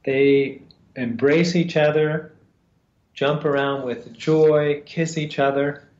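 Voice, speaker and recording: A man retelling a fairy tale for a lesson, speaking in a slow, halting way with pauses and fillers. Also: fairly high pitch, level tone, a little mellow. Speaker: storyteller and teacher. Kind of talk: storytelling in a lesson. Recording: roomy, slightly dull sound.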